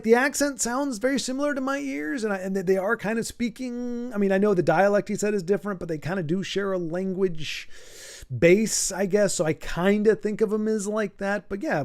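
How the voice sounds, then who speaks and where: Male livestream host, casual chat, rambling, stumbles a lot, slightly high voice. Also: darkish tone. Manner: rambling, self-deprecating, stumbles and restarts often.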